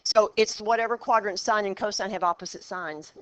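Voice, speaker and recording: The highs are cut off and there's slight background noise as a woman with a medium-pitched, fairly bright voice runs a math class. Brisk and encouraging, she quizzes the students and takes them through problems step by step during the lesson.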